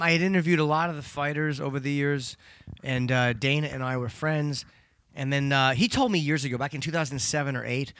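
Bright, profane middle-aged man storyteller. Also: on the high side, no room sound. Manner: loud, profane, storytelling with quoted voices. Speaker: comedian and podcast guest. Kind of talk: casual podcast chat.

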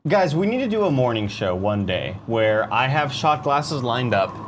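A man's voice: medium pitch, very animated, normal speed, a little hiss or hum. Playful rambling man on a morning show. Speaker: co-host. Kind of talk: casual morning show banter.

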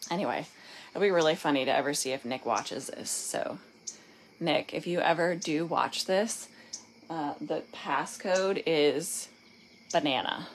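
A woman's voice: low-pitched, measured pace, a little hiss or hum. A woman with a Southern accent, a business owner talking casually and candidly on a phone livestream, rambling and poking fun at herself. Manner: candid, rambling, self-deprecating. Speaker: painting business owner guest host.

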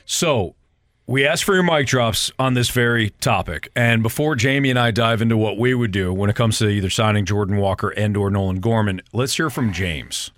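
A man's voice: fairly low pitch, normal speed, fairly bright tone, no room sound, clean studio sound. A man hosting a sports radio show, bantering with his co-host and reading sponsor lines in a casual, upbeat way.

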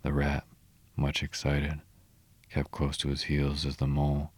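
A man reading a storybook aloud in a steady, measured way. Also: a bass voice, no echo. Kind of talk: reading a children's classic aloud.

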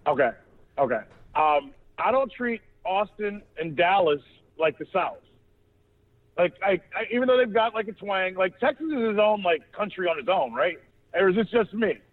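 A man's voice: high-pitched, expressive, moderate pace, phone-quality sound. A man hosting a sports podcast, talking in a loose, profane, rambling way with many restarts. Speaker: podcast host. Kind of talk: casual sports chat.

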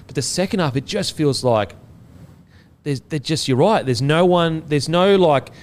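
Chatty bloke talking footy. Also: male voice, fairly high pitch, normal speed. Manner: animated, swears, rattles off stats. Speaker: podcast co-host. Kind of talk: casual sports chat.

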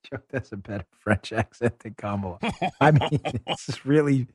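A man's voice: medium pitch, moderate pace, darkish tone, no room sound, studio quality. A man hosting a political talk show, giving opinionated commentary with emphatic, sarcastic rhetorical questions.

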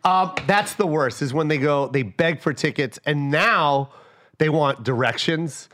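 A man's voice: a little high, unhurried, fairly bright tone, a little hiss or hum. A man who is a comedian, telling profane stories in casual chat with acted-out quotes. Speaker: comedian, podcast co-host.

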